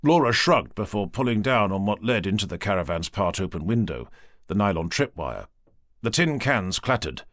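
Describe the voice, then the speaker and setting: A man narrating an audiobook in an expressive storytelling manner, close to a studio mic. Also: lowish voice, normal speed, no room sound. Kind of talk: scripted narration.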